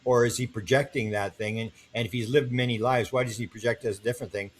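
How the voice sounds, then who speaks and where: Telling long, lively stories as a podcast interview guest, an older man performs the voices of the characters he quotes. He talks fast in a mid-range voice, over a slight hiss or hum.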